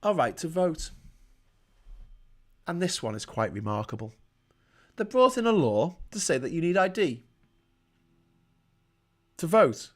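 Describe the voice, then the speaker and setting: Male livestream host, angry sarcastic political ranter, slightly hoarse, raised pitch. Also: sing-song, a little slow, pauses often. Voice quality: a little hoarse. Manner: swearing, ranting, sarcastic.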